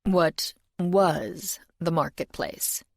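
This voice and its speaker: A woman's voice: on the low side, very slow, vocal fry, no room sound, exaggerated voice. A woman reading an audiobook voices a polite, world-weary male demon who speaks in a genial, dry tone. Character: genial ancient male demon, urbane, chain-smoking.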